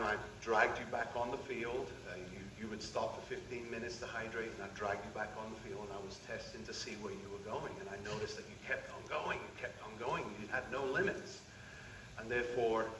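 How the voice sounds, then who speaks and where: A man, a goalkeeper coach, giving an unscripted and heartfelt speech to his player at a school signing ceremony, rambling a little. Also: mid-range voice. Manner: heartfelt, rambling, addresses her directly. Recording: echoey room, distant mic, audible noise.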